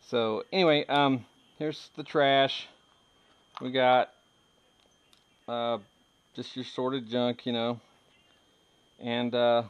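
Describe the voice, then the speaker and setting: A man in his thirties talks through his finds in an easygoing, rambling way, tossing in jokes and laughing often. His voice sits at an ordinary middle pitch. The recording sounds dull and lo-fi, like home video audio. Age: 30s. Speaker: metal detecting hobbyist. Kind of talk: casual chat showing finds.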